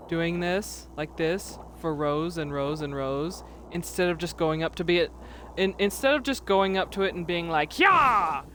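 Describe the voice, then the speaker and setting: A woman chats through her gameplay in a relaxed, playful way, singing little tunes to herself. She talks slowly, her pitch swinging widely. A faint background hum sits under her desk mic. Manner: chatty, playful, sings to herself. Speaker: streamer. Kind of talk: let's play commentary.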